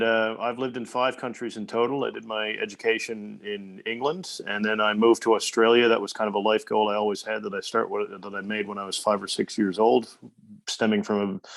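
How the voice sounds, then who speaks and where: Newfoundland man in his forties, low and level voice, wry self-mocking guest storyteller. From Newfoundland, Canada. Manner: self-deprecating, humorous storyteller. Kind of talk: casual interview storytelling.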